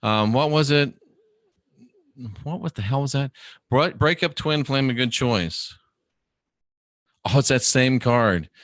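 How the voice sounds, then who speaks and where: A man's voice: medium pitch, lively intonation, slow pace, long pauses, fairly bright tone, no room sound, studio quality. A man hosting a casual livestream, reading viewer questions aloud and answering them by name in a rambling, chatty way.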